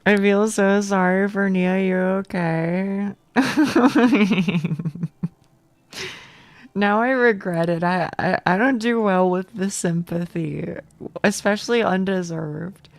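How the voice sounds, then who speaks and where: A woman's voice: medium pitch, slow, no room sound. A young woman streaming a game from home on a close mic, chatting casually with chat, self-deprecating, stammering and swearing.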